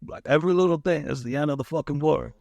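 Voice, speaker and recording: A man co-hosting a podcast in casual chat, blunt and profane, cracking quick jokes. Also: fairly high pitch, vocal fry, a little mellow, no echo. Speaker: podcast co-host.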